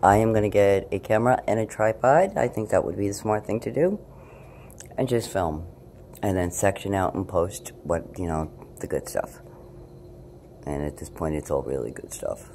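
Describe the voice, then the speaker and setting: A woman's voice: very deep voice, expressive, normal speed, warm tone, a little hiss or hum. A woman filming a casual night-time vlog at home on a handheld camera, chatty and spiritual, sometimes slipping into baby talk with her cat. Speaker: paranormal video blogger.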